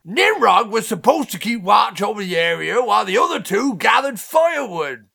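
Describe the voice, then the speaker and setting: A man voicing a shouting gnome who cannot speak in a normal tone, gravelly and strained. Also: sits high, big pitch swings, normal speed, pitched above the performer's own voice, full character voice. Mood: indignant shouting.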